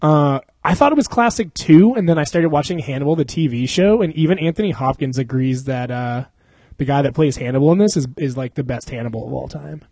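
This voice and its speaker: A man's voice: fairly high pitch, lively intonation, a little fast, warm tone, no echo. A man from Florida hosting a casual podcast chat, telling stories animatedly, swearing freely and laughing often. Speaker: podcast host.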